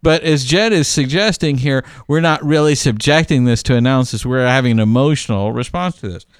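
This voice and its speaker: A man's voice: medium pitch, a little fast, smooth, no echo, studio quality. A man co-hosting a podcast, giving emphatic advice in casual chat, with frequent restarts and fillers.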